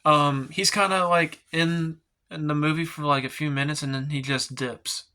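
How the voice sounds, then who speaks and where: A man's voice: a little high, fairly even intonation, moderate pace, pushed and bright, clean tone. A man giving a casual, rambling movie review, full of filler words and swearing, sounding exasperated as he rants. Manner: exasperated, ranting. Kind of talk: casual spoken film review.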